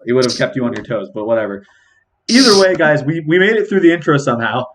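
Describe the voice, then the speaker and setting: A man's voice: mid-range voice, very animated, fast talker, a loud crowd. A young man hosting a casual podcast chat with friends, rambling and laid-back, laughing often. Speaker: podcast host.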